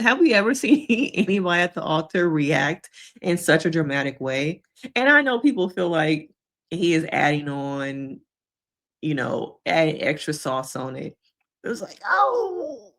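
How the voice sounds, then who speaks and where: Animated woman with lively pitch. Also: unhurried. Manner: animated, acts out quotes in high voices; conversational, addresses viewers directly. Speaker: therapist reacting to a reality show. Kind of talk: casual reaction commentary.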